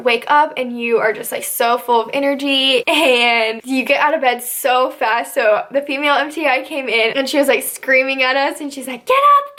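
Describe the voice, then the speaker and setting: A woman's voice: sits high, fairly bright tone. A young woman casually telling a rambling story about her first days of basic training, full of "like" and asides. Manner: chatty, rambling, heavy use of "like". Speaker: vlogger recounting basic training.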